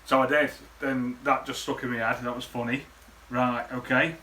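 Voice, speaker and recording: Bloke in his 30s, bright voice, sweary rambling chat to camera, bit of faint hum behind. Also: medium pitch, level tone, moderate pace. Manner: sweary, rambling, laddish banter. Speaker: vlogger. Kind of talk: casual reminiscing monologue.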